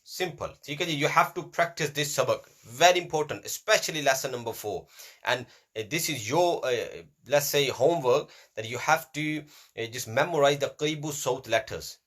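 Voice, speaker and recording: A man's voice: medium pitch, a little fast, a bit bright. Patient man drilling letter sounds. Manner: patient, drills sounds by repetition, mixes in brief Hindi-Urdu asides. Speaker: Quran reading teacher. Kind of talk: teaching a class on letter pronunciation.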